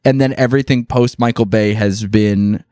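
A man's voice: on the low side, steady tone, moderate pace, a little mellow, clear, resonant tone, no room sound, studio quality. A man co-hosting a casual podcast, rambling and swearing as he complains about things. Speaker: podcast co-host. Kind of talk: casual chat.

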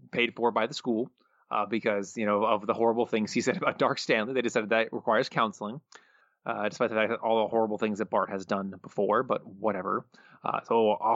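Male podcast co-host, mid-pitched voice, dry and muffled lo-fi sound, steady plot recap full of "uh"s. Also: no room sound. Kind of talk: casual chat.

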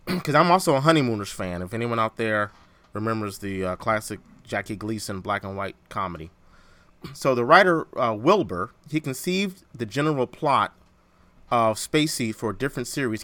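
Male podcast host, bright tone, dry close mic, animated and laughing. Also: medium pitch, moderate pace, no room sound. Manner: animated, laughs often, restarts phrases. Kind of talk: casual chat.

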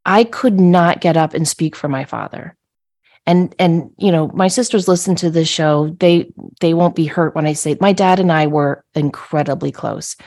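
A middle-aged woman with a low voice hosts a podcast, sharing a personal story conversationally at a normal pace. She's animated and laughs while acting out her own yelling.

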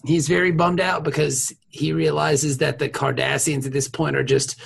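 A man's voice: on the high side, moderate pace, gravelly, husky. A man co-hosting a podcast, retelling a TV episode in casual chat with crude humor and laughter. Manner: crude, laughing, animated storytelling. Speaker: podcast co-host.

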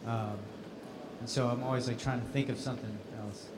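A man's voice: mid-range voice, brisk, noisy background. A male voice actor telling stories at a convention Q&A, laughing often. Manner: laughing, animated storytelling. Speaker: voice actor guest at a convention panel. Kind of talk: casual convention Q&A.

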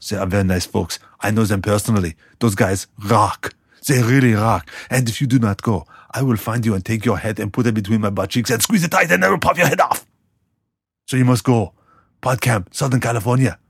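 A man putting on a commanding governor with a heavy put-on Austrian accent. He barks orders in short, broken phrases with comic menace. The voice is husky and sits dry and close. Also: lowish voice, fairly quick, no echo. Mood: bossy. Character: bossy male movie-star governor with heavy accent. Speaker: promo voice. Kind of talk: comic promo impression.

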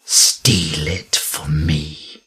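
Male narrator doing a sinister old crone: slow, deep, husky, hissing commands, audiobook. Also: little pitch movement, sharp tone, full character voice. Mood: ominous. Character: ancient menacing Celtic crone, woman. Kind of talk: audiobook character voice.

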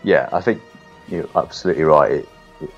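A man chatting casually as a podcast co-host, relaxed and agreeable. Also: extremely low pitch, brisk, breathy edge, lo-fi sound, faint music behind. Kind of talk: casual film chat.

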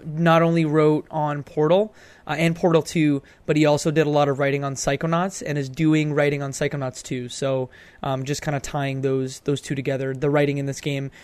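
A man's voice: on the high side, little pitch movement, fairly quick, darkish tone, clear, resonant tone, dry recording. A man co-hosting a casual podcast, talking through a game with many fillers and restarts. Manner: rambling, hedging with fillers. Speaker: podcast co-host.

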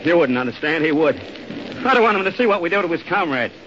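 An actor playing a soldier who narrates gravely and slowly, in 1940s radio drama narration. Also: male voice, a little high, animated, a bit bright, a little hiss or hum. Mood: pleading. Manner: slow, grave, reflective. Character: soldier recalling an execution, grave. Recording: muffled old radio recording.

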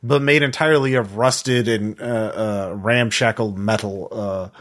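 A man's voice: fairly low pitch, steady tone, unhurried, a bit bright. A man narrating as game master, rambling with many fillers and restarts.

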